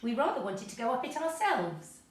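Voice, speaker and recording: A woman's voice: fairly high pitch, very animated, moderate pace, pitched above the performer's own voice. A woman voicing a bold, impatient boy who takes the lead. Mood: firm. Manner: firm, impatient. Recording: echoey room, mic at a distance.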